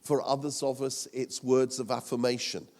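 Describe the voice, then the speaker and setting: A man's voice: mid-range voice, level tone, moderate pace, darkish tone. A man preaching a sermon as a pastor, humorous and self-mocking, with many fillers. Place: church hall. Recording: long church hall reverb.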